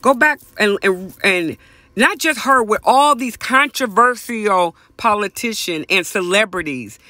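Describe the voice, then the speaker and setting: A man hosting a podcast, delivering a passionate, profane opinion rant that repeats phrases for emphasis and swings from high exclamations to low mutters. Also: lively intonation, measured pace, bright, forceful tone, no echo. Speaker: podcast host. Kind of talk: ranting opinion monologue.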